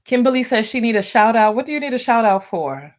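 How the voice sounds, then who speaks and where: A woman's voice: fairly high pitch, lively intonation, fast. A woman hosting a casual livestream, chatting and laughing as she talks straight to her viewers and reads their comments aloud. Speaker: host.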